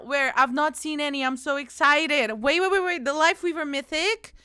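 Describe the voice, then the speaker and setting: Bright, high-voiced woman streamer. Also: moderate pace, no room sound, studio quality. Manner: bubbly, bursts into loud panicked squeals and laughter; calls viewers darling. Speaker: game streamer. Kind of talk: casual live-stream chat.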